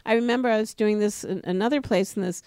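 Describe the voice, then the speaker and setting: A woman co-hosting a podcast, telling stories in a lively, emphatic way with sudden rises in her voice. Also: fast, clear, resonant tone, dry recording, studio quality. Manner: animated storyteller, emphatic rises in pitch. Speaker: podcast co-host. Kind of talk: casual podcast conversation.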